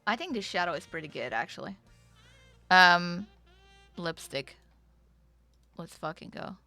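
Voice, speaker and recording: A woman streaming a game, chatting casually, excitable, swearing, and answering chat. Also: lowish voice, unhurried, gravelly, faint music behind.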